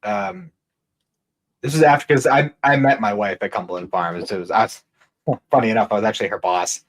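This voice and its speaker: A man's voice: lowish voice, fairly quick, low-quality recording. A young man co-hosting a podcast, rambling and swearing casually while telling work stories with frequent laughter. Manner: rambling, profane, laughing often. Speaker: podcast co-host. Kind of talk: casual chat, storytelling.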